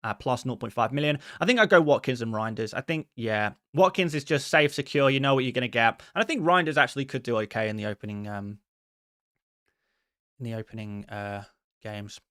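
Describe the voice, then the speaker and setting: A man hosting a casual live stream in a friendly, quick way, reading out viewer messages and answering each one. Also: medium pitch, a bit bright, no room sound, studio quality. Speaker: host answering viewer questions.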